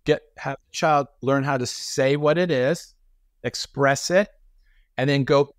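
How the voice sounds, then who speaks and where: A middle-aged man telling stories as a podcast guest, animated and acting out the voices of people he quotes. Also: medium pitch, measured pace, dry recording, clean studio sound. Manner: frequent restarts and repetitions. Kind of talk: conversational storytelling.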